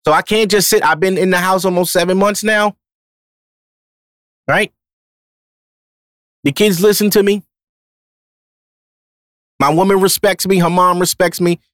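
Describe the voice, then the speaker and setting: A man's voice: sits high, steady tone, a little slow, pauses often, a bit bright, no echo, studio quality. Blunt, profane man talking on a podcast. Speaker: podcast host. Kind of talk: casual monologue.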